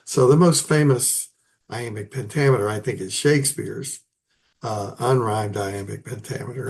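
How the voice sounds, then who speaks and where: A man giving an unscripted poetry lecture, halting and full of ums and restarts. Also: medium pitch, vocal fry, darkish tone. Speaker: poetry teacher.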